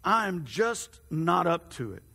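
A man's voice: sits high, big pitch swings, a little slow, gravelly, sharp tone, breathy edge, full character voice. A preacher doing a stammering, burdened workman. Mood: explaining. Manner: hesitant, stammering. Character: weary burdened man hauling stones for God. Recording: long hall reverb.

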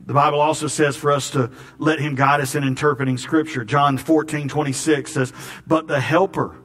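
A man's voice: a little high, little pitch movement, fairly quick, a bit bright. A man preaching a sermon in a folksy, storytelling way, often repeating words. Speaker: pastor.

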